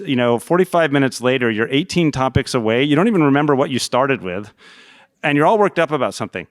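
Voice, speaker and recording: A man's voice: mid-range voice, clear, resonant tone, dry recording, studio quality. A middle-aged man who wrote a book, speaking as a guest in an onstage fireside chat at a conference. He explains things earnestly and uses examples. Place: conference stage.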